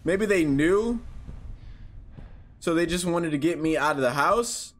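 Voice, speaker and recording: This man's horror gameplay commentary is unhurried and full of long pauses, though his high-ish voice is animated. A jumpy gaming YouTuber, he mutters to himself, swears, and yelps or shouts whenever he gets a scare.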